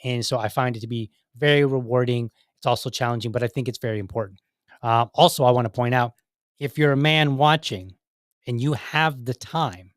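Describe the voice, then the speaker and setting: A podcast host gives casual commentary on videos, earnestly rambling through his points with frequent restarts and asides. His middle-pitched voice is recorded close and dry, with no room sound and no echo.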